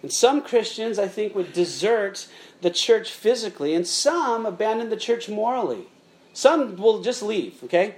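A man's voice: high-pitched, very animated, moderate pace, a little mellow. A middle-aged man preaching a sermon in a conversational way, often checking in with "okay?" and addressing listeners as "guys.". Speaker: pastor.

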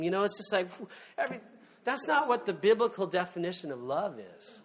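A man's voice: high voice, animated, brisk. A man preaching a sermon as a pastor, talking conversationally and emphatically with frequent fillers and asides.

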